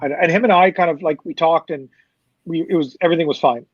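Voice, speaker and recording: A man who works as a concert promoter, telling a loose, fast, profane backstage story as a guest. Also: a little high, no echo, muffled recording. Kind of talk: casual storytelling.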